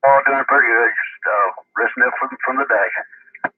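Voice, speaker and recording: An older man calling into a radio net, chatting in a relaxed, halting way that often loses the word. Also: medium pitch, noisy background. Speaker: caller. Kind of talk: casual radio chat. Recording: tinny phone-like radio line.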